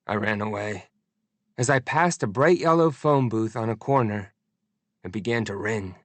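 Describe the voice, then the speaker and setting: A man narrating a first-person audiobook in an expressive, deliberate storytelling manner. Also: lowish voice, no room sound.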